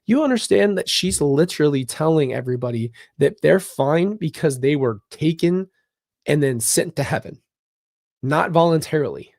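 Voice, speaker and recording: A man's voice: a little high, lively intonation, moderate pace, gravelly, a little mellow, dry recording, studio quality. A man hosting a casual commentary vlog, talking bluntly and emphatically with open frustration. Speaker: channel host.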